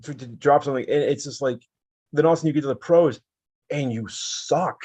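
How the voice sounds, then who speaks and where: Fast-talking husky man, lo-fi audio. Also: mid-range voice, a little mellow, dry recording. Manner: fast, rambling, lots of fillers and restarts. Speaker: podcast guest, former sports reporter. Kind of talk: casual sports chat.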